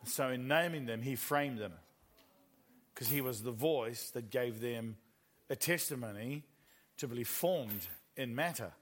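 A man's voice: mid-range voice, measured pace, slight background noise. A middle-aged man with a New Zealand accent preaching a sermon, telling stories with animation and laughing at his own jokes.

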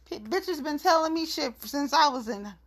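A woman's voice: high-pitched, lively intonation, moderate pace, fairly bright tone. A woman in a casual monologue rant, blunt, profane and gossipy, telling her side of a story.

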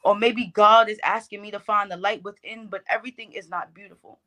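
A woman's voice: medium pitch, fairly even intonation, a little fast, a bit bright. Woman performing spoken word poetry. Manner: rhythmic, emphatic delivery. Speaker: poet.

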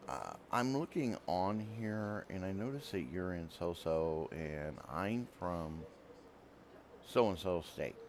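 A man's voice: sits low, animated, takes it slowly, slight background noise. A man hosting a radio program, telling a long story in a rambling, self-interrupting way. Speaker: radio program host and writer. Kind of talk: casual storytelling monologue.

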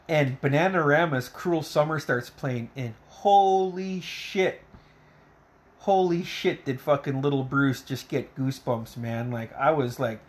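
Man recapping a film with profane excitement. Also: medium pitch. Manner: profane, excitable play-by-play retelling; laughs often. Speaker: podcast host reviewing a film. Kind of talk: casual storytelling recap.

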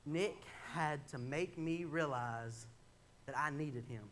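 A slightly high, somewhat bright male voice moves slowly through a sermon in a church sanctuary. The young preacher tells a personal story openly and conversationally, building to emphatic points, with slight noise in the background.

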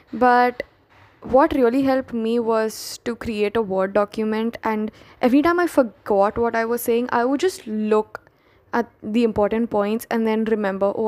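A young woman, hosting her own podcast in a candid, chatty, self-deprecating way with quick restarts. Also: mid-range voice, darkish tone, no room sound. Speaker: podcast host. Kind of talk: casual solo podcast talk.

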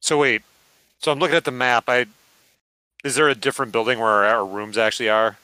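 A man's voice: medium pitch, steady tone, a little fast, sharp tone, clear, resonant tone, no echo, low-quality recording. A man playing a tabletop game, chatting in a casual, joking way. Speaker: player.

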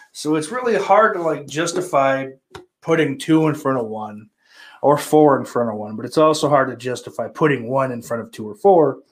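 A man hosting his own movie vlog in loose, profane, rambling chat, trailing off and restarting. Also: fairly high pitch. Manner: profane, rambling, offhand, full of fillers. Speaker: channel host showing his movie purchases.

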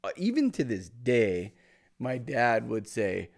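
A man in casual chat, laid-back, swearing and quick to laugh. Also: medium pitch, sing-song, vocal fry, darkish tone.

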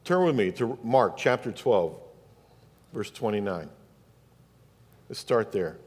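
A pastor with a Southern US accent preaching a sermon, asking rhetorical questions and repeating phrases for emphasis. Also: male voice, fairly low pitch, expressive, takes it slowly, darkish tone, breathy edge. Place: church sanctuary. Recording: long reverb of a church hall.

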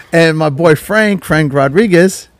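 Laid-back slangy man telling stories. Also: high-pitched. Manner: laid-back slangy storytelling, acts out voices in quotes. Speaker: podcast host. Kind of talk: casual storytelling chat.

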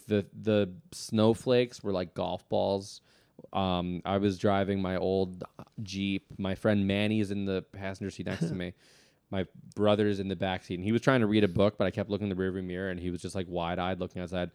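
A young man tells stories on a casual podcast, slangy and animated, swearing freely. His voice sits low, and the sound is close and dry with no room around it. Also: moderate pace, clean tone, no echo. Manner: loose, animated storytelling with heavy swearing and slang. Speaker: podcast co-host. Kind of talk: casual chat.

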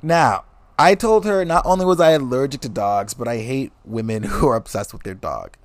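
A young man ranting about his dates with lots of swearing and a lively voice that swings up and down. He sits close to the mic, and the sound is dry and plain. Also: medium pitch, moderate pace, no room sound. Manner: animated, swears constantly, laughs mid-story. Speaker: vlogger. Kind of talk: profane comedic storytelling rant.

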